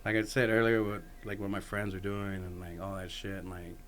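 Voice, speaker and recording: A man's voice: on the low side, flat delivery, a little fast, a bit bright, a little hiss or hum. A man from Texas chats as a podcast guest, easygoing and frank. He swears freely and laughs a lot between stories. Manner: laid-back, swears freely, laughs often. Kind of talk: casual conversation.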